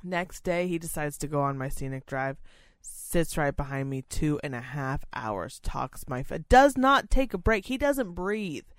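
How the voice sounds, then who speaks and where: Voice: mid-range voice, animated, measured pace, no room sound, clean studio sound. Give the voice of a profane, rambling storyteller in casual chat. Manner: profane, rambling storyteller who acts out other people's voices. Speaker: podcast co-host and senior-living staff worker.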